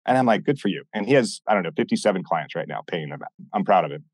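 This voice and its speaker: A man guesting on a podcast, telling stories in a blunt, animated way and acting out what people said. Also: sits low, rapid-fire, no echo. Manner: animated, blunt, swears often, acts out quoted dialogue. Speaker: podcast guest, former military instructor. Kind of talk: casual interview storytelling.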